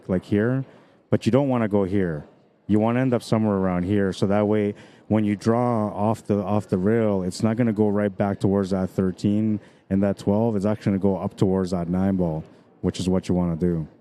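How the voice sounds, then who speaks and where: Brief: male pool commentator, low mellow voice, Canadian accent, explains shape and angles, gets excited. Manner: excitable, breaks into screams and laughs at exciting shots; explanatory, breaks down shot angles like a coach. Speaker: pool match commentator and streamer. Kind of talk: solo live-stream commentary.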